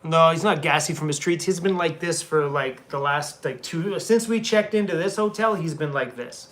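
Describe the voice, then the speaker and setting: His voice slightly high and a bit bright, moving at a moderate pace, the van-life vlogger chats with viewers on a live stream from a hotel room. He laughs frequently and talks to his dog along the way.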